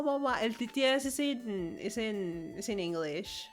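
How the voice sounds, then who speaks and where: A woman's voice: on the high side, expressive, normal speed, hardly any pauses, fairly bright tone, faint music behind. A woman streamer, chatting casually and playfully, reading chat aloud and giggling often. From Latin America. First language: Spanish.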